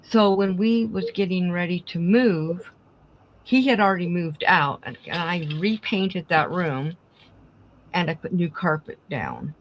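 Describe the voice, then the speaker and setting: A woman's voice: lowish voice, lively intonation, unhurried, lo-fi sound, a little hiss or hum. A middle-aged woman hosting a craft live stream, casually telling family stories and acting out the dialogue. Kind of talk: casual storytelling chat.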